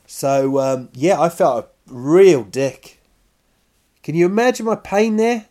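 Male comic, storytelling monologue, slightly high voice, unhurried delivery, self-mocking. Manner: animated, self-mocking, acts out sounds and voices. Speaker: comedian. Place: lives in Stockholm.

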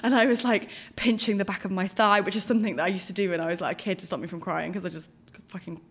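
A woman's voice: medium pitch, fast, breathy edge. Chatty woman telling a story. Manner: chatty storyteller, animated when retelling, laughs often. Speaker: podcast co-host. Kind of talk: casual chat.

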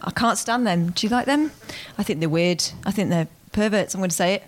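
A woman in casual conversation with a dry, teasing, deadpan sense of humour. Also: mid-range voice, brisk. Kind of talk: casual chat.

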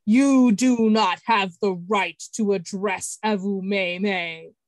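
A woman voicing a huge male mountain spirit who speaks slowly, loudly and with stern command. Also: mid-range voice, no echo, close to an everyday voice. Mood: thundering. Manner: slow, loud, commanding.

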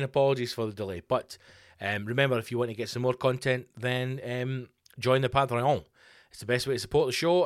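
A man's voice: medium pitch, no room sound, studio quality. Sweary ranting man hosting a podcast. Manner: sweary, ranting, rhetorical questions. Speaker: podcast host. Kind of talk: solo comedy podcast rant. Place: home studio.

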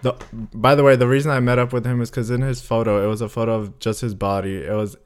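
A man's voice: mid-range voice, little pitch movement, quick pace, clear, resonant tone. A man in his twenties co-hosting a casual podcast, telling a story with sass, slang and frequent laughs. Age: 20s. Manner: sassy, laughs often, slangy. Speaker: podcast co-host.

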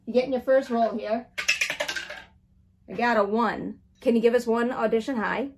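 A woman's voice: on the high side, fairly even intonation, normal speed, background noise. A woman hosting a casual interview show, upbeat and playful as she reads out game questions. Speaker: host.

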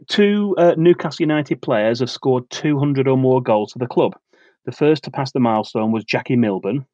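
A man co-hosting a football podcast, reading out a prepared match preview in a steady, measured way. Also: medium pitch, dry recording, lo-fi sound. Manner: steady, measured delivery of facts and dates.

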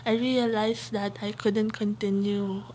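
A woman from the Philippines, an entrepreneur guest, telling her story in a measured, reflective way with frequent fillers. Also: mid-range voice, flat delivery, darkish tone, a little hiss or hum, rough recording. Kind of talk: candid interview conversation.

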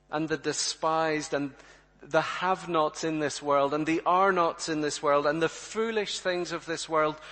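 A man's voice: a little high, a bit bright. A man preaching a sermon to his congregation, emphatic, full of rhetorical questions and direct appeals. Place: church. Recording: reverberant church hall.

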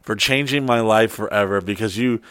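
A man's voice: fairly low pitch, moderate pace, fairly bright tone, smooth, dry recording, studio quality. A man co-hosting a podcast, telling stories in a loose, profane way and slipping into mock voices. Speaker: podcast co-host. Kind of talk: casual podcast chat.

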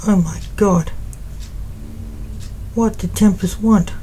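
Woman reading stern grandfather, curt, irritated, slow, mellow storybook voice. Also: mid-range voice, slight background noise, close to an everyday voice, rough recording. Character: stern grandfather, touchy and proud.

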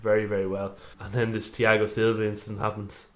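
A man co-hosting a football podcast, giving measured, analytical match talk. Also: on the low side, completely flat delivery, a bit bright. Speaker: podcast co-host. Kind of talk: casual football chat.

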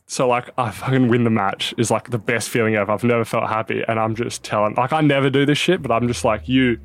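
A man's voice: mid-range voice, steady tone, quick pace. A young Australian man, a tennis player, telling a story in casual chat, full of "like" and swearing. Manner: swears freely, story full of "like" and quoted self-talk. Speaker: professional tennis player guest.

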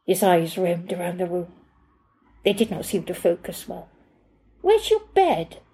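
A woman reading her own short story aloud in a measured, understated narration. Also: on the low side, little pitch movement, dark tone, slightly rough. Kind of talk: literary reading.

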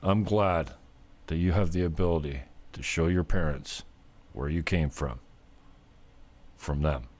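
A man's voice: a bass voice, unhurried, long pauses, darkish tone. A man vlogging a casual, rambling rant, swearing often and sounding exasperated.

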